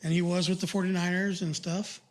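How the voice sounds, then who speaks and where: A man's voice: high-pitched, level tone, a little fast. An older man co-hosting a podcast, chatting casually and rambling with lots of fillers and restarts. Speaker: podcast co-host.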